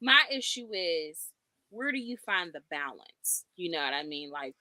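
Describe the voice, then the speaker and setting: A woman's voice: lowish voice, sing-song, a little slow, sharp tone, no room sound. A woman co-hosting a podcast, chatting casually and filling her talk with "you know". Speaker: podcast co-host. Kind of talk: casual chat.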